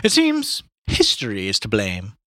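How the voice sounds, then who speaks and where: A man reading aloud and voicing a smug, chatty English gentleman in a raised, emphatic tone. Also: lowish voice, unhurried, no echo, studio quality, full character voice. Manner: raised, lively, emphatic delivery.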